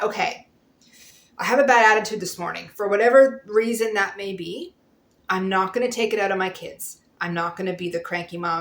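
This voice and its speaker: A woman's voice: mid-range voice, a bit bright. A woman in her thirties, a homeschool mom talking earnestly and candidly to her viewers, laughing now and then. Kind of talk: encouraging talk to camera. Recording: echoey room.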